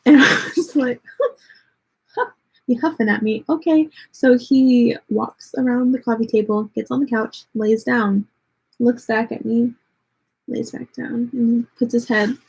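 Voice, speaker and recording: A young woman from Texas livestreams to her viewers, blunt and sarcastic, scattering "like" through every sentence. Her voice sits a little high, husky and breathy, with a gravelly fry at the ends of phrases. She has a faint Texan accent. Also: steady tone, slow, a little mellow, low-quality recording. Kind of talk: casual livestream chat.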